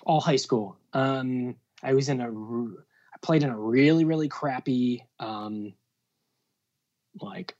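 A man's voice: medium pitch, takes it slowly, darkish tone. Man, music booking agent, casual interview, rambling, lots of fillers, dull lo-fi recording. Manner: rambling, many fillers and restarts. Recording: dull lo-fi sound.

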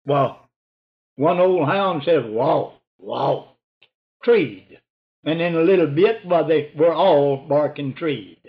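An older man with a fairly high, slow voice tells a hunting story in a rambling, folksy oral-history style, dropping to a hush for whispered lines. The recording is dull and lo-fi.

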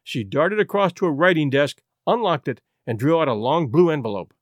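A man narrating a classic detective story as an audiobook reader, in an expressive, dramatic way. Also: fairly high pitch, fairly quick, no room sound. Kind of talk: scripted narration.

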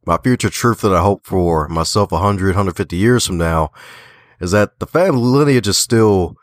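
A man from the Baltimore area, an author and podcaster, telling stories in a lively, folksy way during a remote interview. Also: low-pitched, moderate pace, no echo, studio quality. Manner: animated storyteller, folksy phrasing, laughs often. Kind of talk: casual conversational interview.

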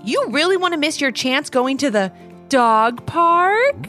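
A woman's voice: sits high, big pitch swings, a little slow, sharp tone, faint music behind, voice pushed up, exaggerated voice. A woman doing a kind cheerful mom.

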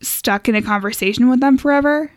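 A woman's voice: sits high, a little fast, dry recording, studio quality. A woman co-hosting a podcast, chatting casually and laughing often. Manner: chatty, laughing, many "like" fillers. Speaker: podcast co-host. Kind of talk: casual chat.

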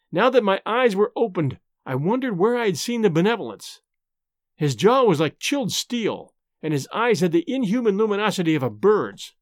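A man narrating an adventure story with expressive, dramatic delivery. His voice sits fairly high and swings widely in pitch. The sound is dry and close, with no room echo. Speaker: audiobook narrator and host.

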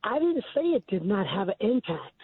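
An indignant woman caller arguing over a tinny phone line. Her voice is a little husky and sits at a mid pitch. The sound is dry and narrow. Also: sing-song, moderate pace, no room sound. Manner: indignant, argumentative. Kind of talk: heated call-in argument.

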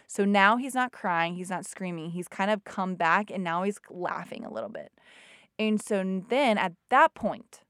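A woman's voice: lowish voice, fairly bright tone, no room sound, studio quality. A woman, a mother, chatting casually to her audience, retelling a family story with many "like" fillers.

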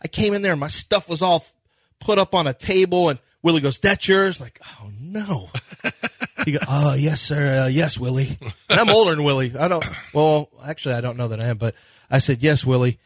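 A man's voice: on the high side, animated, fairly quick, a bit bright, no room sound, clean studio sound. A man co-hosting a sports radio show, telling stories animatedly and quoting others' conversations. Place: radio studio. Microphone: studio microphone.

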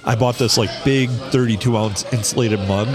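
A man's voice: medium pitch, steady tone, normal speed, a crowd in the background. A man co-hosting a podcast, telling stories and complaining wryly in casual banter. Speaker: podcast co-host.

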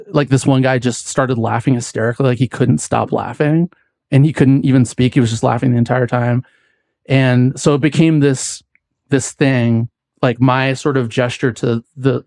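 A mid-pitched man tells a long personal story on a podcast, circling back with restarts and filler words. His voice sits close and dry on the mic, with no room sound around it. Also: vocal fry, a little mellow, no echo. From United States. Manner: rambling, many likes and restarts. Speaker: podcast guest. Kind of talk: casual storytelling chat.

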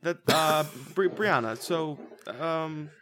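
A man's voice: fairly high pitch, slow pace, fairly bright tone, a little hiss or hum. Offhand, joking male podcast host. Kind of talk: casual podcast banter.

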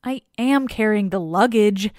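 A woman's voice: a little high, big pitch swings, normal speed, no echo, clean studio sound. A woman voicing a petulant, wisecracking male servant who complains and jokes in a storytelling retelling. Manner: whiny, wisecracking. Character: petulant joking male slave with luggage.

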